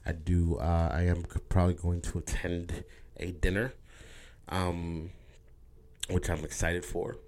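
A man with a low, slightly mellow voice and flat delivery speaks unhurriedly, pausing often. His candid monologue to viewers is rambling and emotional, full of repeated words and casual swearing, with slight background noise.

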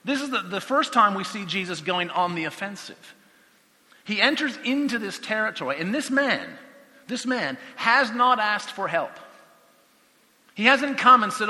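A man teaching a Bible passage with a bright, animated voice that swings widely in pitch. He talks conversationally and acts out the quotes he tells. His voice rings in a hall with long reverb. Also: moderate pace. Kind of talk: lively Bible teaching talk.

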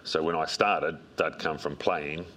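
A middle-aged man, a coach telling relaxed anecdotes in an interview, with plenty of ums and restarts. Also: rumbling low, a little slow, a little hiss or hum. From New Zealand. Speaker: strength and conditioning coach, guest. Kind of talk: interview storytelling.

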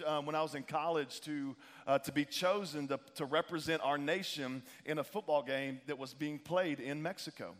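A young male pastor, preaching a casual, animated sermon full of fillers and restarts. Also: a little high, in a large hall.

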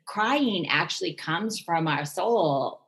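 Husky, low-voiced woman in casual talk. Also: expressive, slow, a bit bright. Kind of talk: casual chat.

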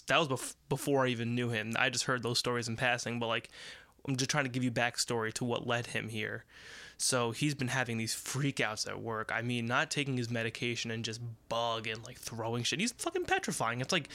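Brief: young American guy, podcast host, crude rambling storyteller, bright tense voice, dry close sound. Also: medium pitch, moderate pace, no echo. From United States. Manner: rambling, profane, animated. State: sick with covid. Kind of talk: casual storytelling monologue.

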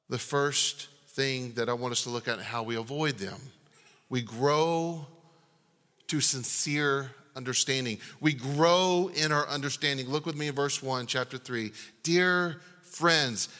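A man preaching with a bright, ringing edge and a voice pitched a little high for a man. He drives his points home with rhetorical questions and drops from full volume to near hush. His words trail off into the long echo of a big church sanctuary. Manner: emphatic, with rhetorical questions and swings from loud to hushed. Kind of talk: sermon. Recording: long reverb of a large hall.

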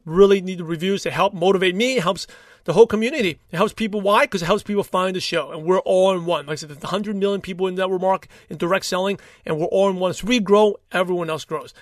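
A man hosting a solo podcast, talking in an upbeat, rambling way with quick asides and restarts. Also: high-pitched, no room sound, clean studio sound. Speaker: podcast host. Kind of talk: solo motivational podcast talk.

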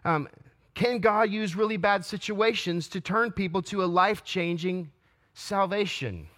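A man's voice: high voice, unhurried, fairly bright tone. A man preaching a sermon, asking earnest rhetorical questions and stumbling into restarts as he reads and explains scripture. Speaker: pastor.

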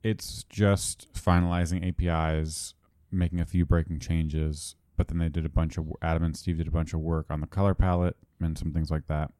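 A man hosting a casual podcast, relaxed and chatty, laughing easily. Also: a bass voice, moderate pace, no echo, studio quality. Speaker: podcast host.

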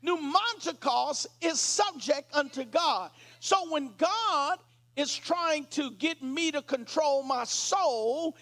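A man preaching a sermon, retelling a scripture story dramatically and clearing his throat now and then. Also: very high voice, expressive, takes it slowly, bright, forceful tone.

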